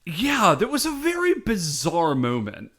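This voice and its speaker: A man co-hosting a podcast, chatting loosely through an episode recap. His voice sits a little high and swings widely in pitch. He rambles and drops quoted asides as he goes. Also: huge pitch swings, measured pace, a bit bright. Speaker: podcast co-host. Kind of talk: casual episode recap chat.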